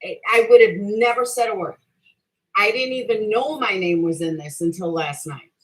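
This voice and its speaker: The audio is poor as a middle-aged woman, hosting a livestream, answers her chat in a heated and casual rant with heavy swearing, combatively defending herself and repeating her point. She speaks at medium pitch and a normal speed.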